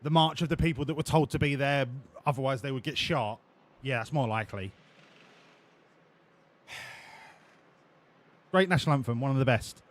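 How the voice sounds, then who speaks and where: A man streaming a racing game live, bantering with his chat in a profane, excitable way. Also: mid-range voice, moderate pace, long pauses.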